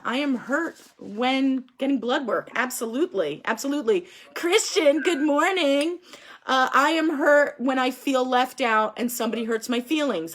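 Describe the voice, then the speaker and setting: A woman facilitating a group discussion over a video call, upbeat and encouraging, quick to laugh. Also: sits high.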